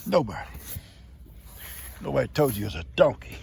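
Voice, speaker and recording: A man's voice: medium pitch, very animated, a little fast, vocal fry, a little mellow, a little hiss or hum. A man, chatting and teasing his goats outdoors on a farm in a playful, chuckling way. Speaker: farm video host. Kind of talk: casual talk to his animals.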